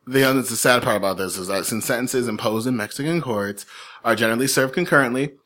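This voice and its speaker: A man co-hosting a podcast in casual chat, animated and joking with playful asides. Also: medium pitch, fairly quick. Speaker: podcast co-host.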